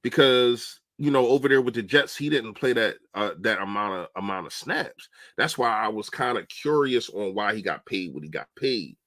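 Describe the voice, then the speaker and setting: A man's voice: lowish voice, lively intonation, normal speed, hardly any pauses, a bit bright, no echo. A young man on a casual football livestream, chatting animatedly and answering viewers' comments. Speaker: livestream host. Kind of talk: casual live-stream football talk.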